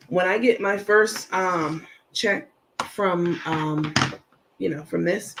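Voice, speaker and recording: A man's voice: high voice, vocal fry, a bit bright. A man hosting a casual livestream, chatting loosely and reading viewer comments aloud with plenty of fillers. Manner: chatty, rambling, many fillers. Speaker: livestream host.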